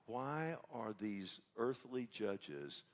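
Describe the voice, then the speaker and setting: A man's voice: lowish voice, sing-song, extremely slow. Preacher guy in a church, folksy sermon, keeps asking the crowd "amen?". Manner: folksy, conversational, asks the congregation for responses. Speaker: pastor. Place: church sanctuary.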